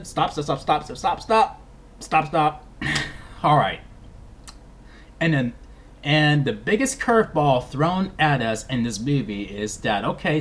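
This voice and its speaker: Rambling man reviewing a movie. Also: fairly high pitch. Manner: rambling, many restarts and "I mean"s, animated. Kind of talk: casual spoiler review vlog.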